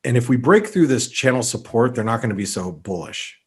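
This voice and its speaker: Husky-voiced man rambling through market commentary. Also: medium pitch, big pitch swings, fairly quick. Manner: rambling, many fillers and restarts. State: allergies, sneezy. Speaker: market analyst host. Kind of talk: unscripted market commentary webinar.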